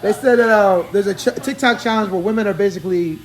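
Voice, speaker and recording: A man hosting casual, animated barbershop banter, laughing and mimicking the others as he talks. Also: high-pitched, fast talker, crowd noise. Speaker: podcast host.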